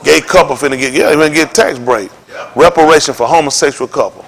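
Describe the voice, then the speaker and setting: A man preaching an informal sermon to his congregation in a folksy, joking way that rises to shouts. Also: fairly high pitch, fast. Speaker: congregation leader.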